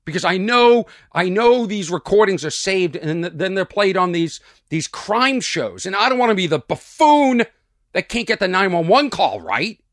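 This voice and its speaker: Comic podcast host, male, high-pitched and lively, bright dry tone, early-morning rant. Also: normal speed, dry recording. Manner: animated, sarcastic, mock-exasperated. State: sleepy but energized early morning. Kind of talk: solo comedy podcast rant. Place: at home early morning, birds outside.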